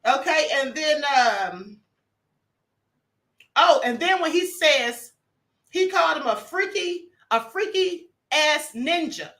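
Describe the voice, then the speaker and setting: Woman, high voice, livestream host, chatty, emphatic commentary. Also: lively intonation, takes it slowly, bright, forceful tone. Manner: chatty, emphatic, checks in with the audience. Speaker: live stream host. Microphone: computer mic on live stream.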